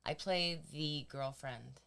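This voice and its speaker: Smooth, unhurried female co-host. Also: deep voice, fairly bright tone. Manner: brief, easygoing replies. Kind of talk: casual chat.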